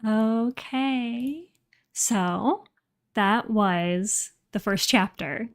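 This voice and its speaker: Slow-talking excited woman streamer. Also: on the high side. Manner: excited, rambling. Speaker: streamer reacting to her audio drama. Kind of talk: casual livestream chat. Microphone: desk microphone.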